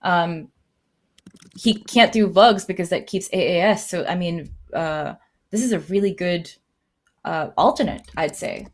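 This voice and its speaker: A woman giving live commentary on a board game, thinking aloud with many fillers and lively jumps in her voice. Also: lowish voice, measured pace. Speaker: tournament commentator.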